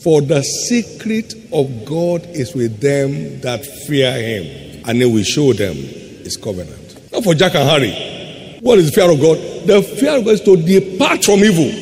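A man preaching a sermon as pastor, emphatic, trading quick asides for slow, stressed words. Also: on the high side, very animated, darkish tone. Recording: faint hum in a long-reverb hall.

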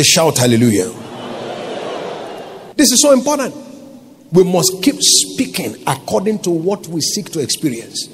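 A man with a Nigerian accent, a pastor preaching a sermon with call-and-response questions and swelling to shouts. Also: a little high, slight background noise.

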